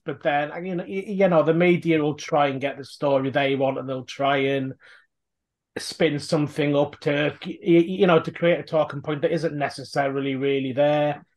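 A man's voice: a little high, fairly even intonation, normal speed. A man co-hosting a casual football podcast who talks thoughtfully and hesitantly, with many "you know"s. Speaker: podcast co-host.

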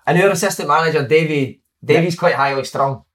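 A man's voice: a little high, fairly quick. A Scottish man telling football dressing-room stories in casual chat, swearing a lot and acting out what people said. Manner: sweary, laughing, acts out quotes loudly. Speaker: podcast guest, former footballer.

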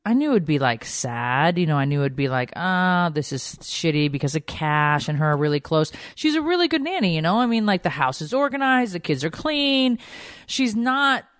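A woman's voice: on the low side, big pitch swings, normal speed, no echo. Candid, rambling woman on a dry mic. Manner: candid, rambling, swears freely, heavy use of "like". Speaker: podcast host. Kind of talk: casual chat.

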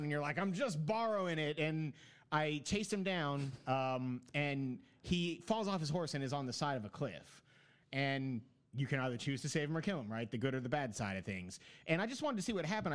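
A man in casual chat, telling long rambling stories about a video game with many fillers. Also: fairly high pitch.

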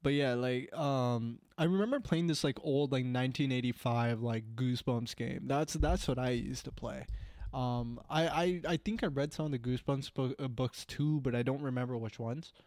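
A man's voice: medium pitch, moderate pace, darkish tone, dry recording, studio quality. A man from Canada chatting casually with friends, rambling with lots of "like" and restarts. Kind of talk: casual chat.

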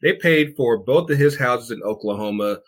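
A man's voice: mid-range voice, normal speed. A man hosting a casual sports podcast, riffing and laughing, with frequent stammered restarts. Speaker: podcast host.

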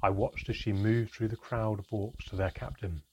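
A man narrating a first-person adventure story in a measured, reflective manner. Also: on the low side, steady tone, highs cut off, slight background noise.

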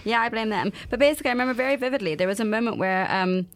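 A woman's voice: a little high, very fast, dry recording. A woman hosting a casual podcast chat, talking chattily and laughing often. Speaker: podcast host.

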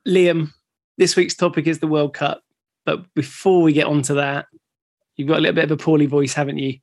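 A man with a slightly high voice and a gravelly, creaky edge. He co-hosts a podcast in upbeat, easygoing chat, laughing often, with faint guitar music behind him. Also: level tone, a little fast. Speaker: podcast co-host. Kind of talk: casual chat.

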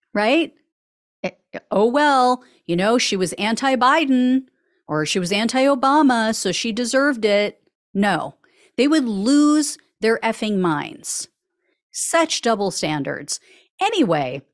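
A woman hosting a podcast, reading a scripted case update and breaking into sarcastic, indignant commentary. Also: mid-range voice. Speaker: podcast host.

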